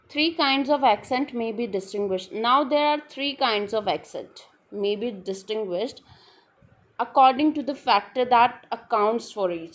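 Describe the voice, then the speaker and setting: A woman explaining a literary term in an online lesson, hesitant, with many fillers and restarts. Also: fairly high pitch. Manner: repeats "all right then". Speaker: teacher.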